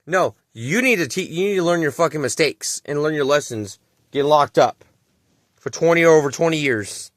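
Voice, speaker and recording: A man's voice: fairly high pitch, expressive, normal speed, dry recording, clean studio sound. A man in his late twenties ranting angrily to camera in a vlog, cursing often and repeating himself. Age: 20s. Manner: heated, profane, repeats himself. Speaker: vlogger. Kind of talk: angry ranting commentary to camera.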